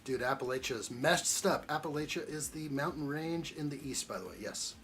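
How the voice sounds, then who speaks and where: A man's voice: fairly high pitch, brisk, fairly bright tone, soft background music. A man hosting a live building stream, chatting casually and teasing his viewers while he reads their comments. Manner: joking, teasing banter while reading chat aloud. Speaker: live stream host building a model kit.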